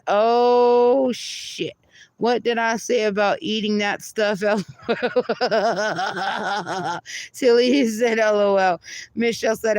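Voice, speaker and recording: Slow-talking woman livestreamer. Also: mid-range voice, dry recording. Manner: reads viewer comments aloud, laughs often, swears casually. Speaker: livestream host. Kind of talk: casual livestream chat.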